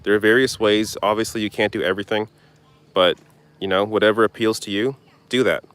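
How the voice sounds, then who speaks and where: A man's voice: on the low side, steady tone, a little fast, a bit bright. A young man hosting a casual live stream outdoors, answering viewer questions in a blunt, loose way. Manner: casual, blunt, swears and laughs off distractions. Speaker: political commentary host. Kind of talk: live stream Q&A reading chat.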